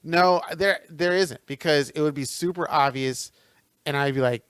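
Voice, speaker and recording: A man's voice: on the high side, normal speed, fairly bright tone, clean tone, dry recording, clean studio sound. A man co-hosting a podcast in casual banter, joking and laughing often mid-sentence, recorded at a friend's house. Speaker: podcast co-host.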